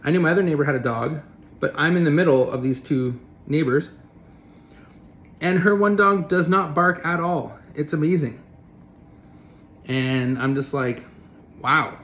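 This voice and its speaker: A man's voice: on the high side, moderate pace, pauses often, fairly bright tone. A man giving a casual, rambling opinion rant as a vlogger, blunt and swearing freely.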